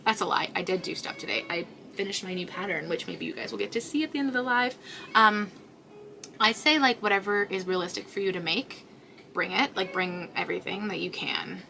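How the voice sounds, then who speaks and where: A woman's voice: medium pitch, brisk, vocal fry, noisy background. A woman hosting a crochet livestream, chatting casually with viewers in a rambling way with many fillers, tired and yawning. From Canada.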